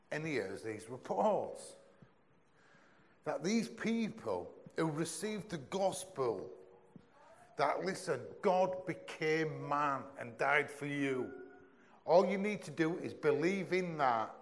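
A young man preaching a sermon in a conversational, earnest way, often dropping into a low, soft voice. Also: very animated, slow pace.

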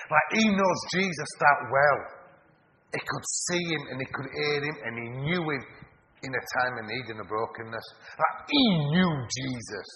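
A man preaching a sermon, telling stories and swinging between loud urgency and hushed tones. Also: mid-range voice, expressive, moderate pace, lo-fi sound. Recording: long hall reverb with background noise.

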